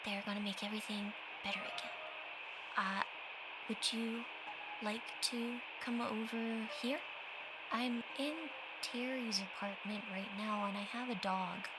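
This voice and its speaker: A woman's voice: medium pitch, fairly even intonation, a little slow, very noisy, lightly acted. A woman playing a sweet, earnest young boy who rambles reassuringly in a tabletop game.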